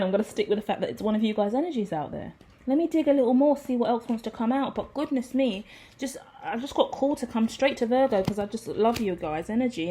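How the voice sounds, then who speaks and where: A woman reads tarot cards for her viewers in a loose, rambling way, swearing casually and laughing at herself. Her voice is mellow and warm, at a middle pitch for a woman. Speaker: tarot reader.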